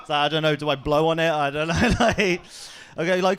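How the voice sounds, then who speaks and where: A young man doing an animated stand-up set on a comedy club stage, jumping into voices for his bits. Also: on the high side, smooth. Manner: animated, acts out voices in quick bursts.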